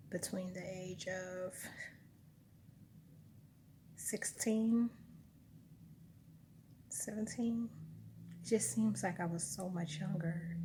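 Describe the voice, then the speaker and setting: A woman with a fairly low, darkish voice talks to her camera over slight background noise. This vlogger rambles through a personal monologue, musing, correcting herself, and recounting memories.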